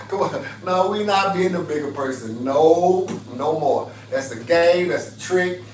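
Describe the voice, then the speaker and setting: A man hosts a livestream, talking in an emphatic, preachy way and repeating his points. His voice sits fairly high. He is heard from some distance in a roomy space with faint ambience behind him. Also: measured pace, a little mellow, a little hiss or hum. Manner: emphatic, preachy, repetitive, laughing asides. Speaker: livestream host. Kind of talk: livestream advice talk.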